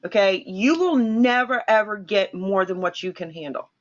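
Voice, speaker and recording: A woman hosting a casual live-stream chat, telling animated stories and acting out the voices of the people in them. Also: mid-range voice, moderate pace, muffled recording. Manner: animated storyteller, acts out quoted voices. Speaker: host.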